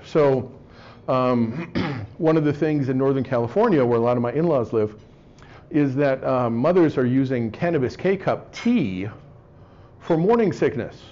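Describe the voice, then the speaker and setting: A man giving a wry, joking lecture to a live audience, often clearing his throat. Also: mid-range voice, a little mellow. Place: room with an audience. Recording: slightly dull lo-fi recording.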